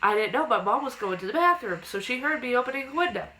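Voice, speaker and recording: A woman's voice: fairly high pitch, animated, quick pace, pushed and bright, slight background noise, low-quality recording. A young woman vlogger casually telling a personal ghost story to camera, acting out quotes in a raised childlike voice.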